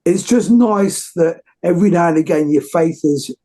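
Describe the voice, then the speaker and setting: A man's voice: a little high, normal speed, mellow. A man hosting an interview, talking effusively and rambling with many restarts. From United Kingdom. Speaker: host. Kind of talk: casual interview chat.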